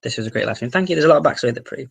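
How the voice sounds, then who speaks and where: He hosts a relaxed livestream from the Wirral in England, speaking with a Merseyside accent at a medium pitch. Chatty and quick, with a gravelly fry, he reads out viewer comments, answers each one and swears casually now and then.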